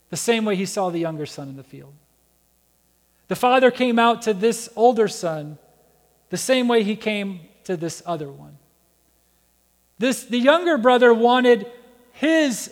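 A man preaching as a pastor, telling a story with animated acted-out voices. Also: high voice. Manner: animated storytelling, acting out Bible characters' voices. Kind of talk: sermon. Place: church sanctuary. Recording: church hall reverb.

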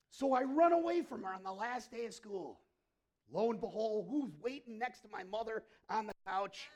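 A male pastor preaching in a lively, conversational way, telling stories and acting out the quotes. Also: high voice, normal speed. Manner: animated, conversational, acts out quotes. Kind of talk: sermon with storytelling.

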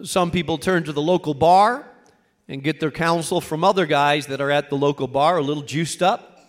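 High-voiced man preaching a sermon. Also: normal speed. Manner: earnest preaching, rising to emphatic peaks. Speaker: pastor.

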